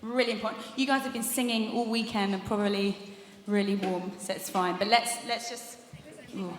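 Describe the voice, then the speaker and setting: A young vocal coach teaches a live workshop in a big conference hall, laughing frequently while she demonstrates exercises in a chatty, encouraging way. She speaks fairly quickly in a steady, mid-range voice. The echoey room has long reverb, and there's slight hiss or hum.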